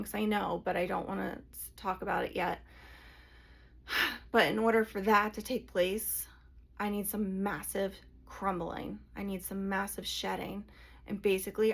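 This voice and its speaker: A woman channeler and energy healer speaking to her viewers in an emotional, confessional vlog, hushed and sighing as she talks. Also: medium pitch, creaky.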